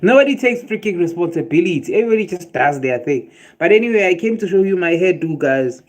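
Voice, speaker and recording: A man's voice: sits high, quick pace. A South African man with a South African accent, chatting casually on a livestream, ranting and joking with his viewers. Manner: animated ranting, swearing and laughing at chat.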